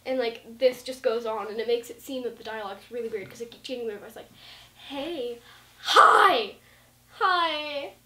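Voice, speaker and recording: Talking to camera about writing, this woman rambles casually, peppering her speech with likes and ums and performing bits of dialogue. She speaks fast with hardly any pauses, her voice on the high side, fairly even in intonation and a little mellow; a distant mic gives it a roomy sound.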